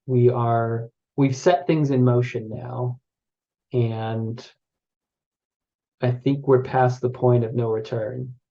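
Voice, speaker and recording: A game master putting on the calm, grateful leader of a city, speaking in slow, measured words over a dull, lo-fi stream. The voice is dark and mellow. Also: male voice, medium pitch, creaky. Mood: solemn. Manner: measured, formal farewell speech. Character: Dora, grateful woman who runs a city.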